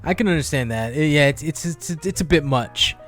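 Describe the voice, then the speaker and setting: Animated, profane young man telling stories. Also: on the high side, brisk, faint music behind. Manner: profane, animated storytelling with many fillers. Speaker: podcast co-host. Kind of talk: casual chat, storytelling.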